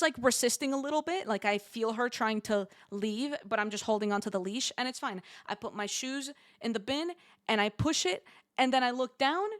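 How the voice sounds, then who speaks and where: A woman's voice: a little high, no room sound, clean studio sound. Chatty young woman telling a story. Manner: animated, rambling with many fillers. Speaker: streamer. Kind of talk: casual storytelling.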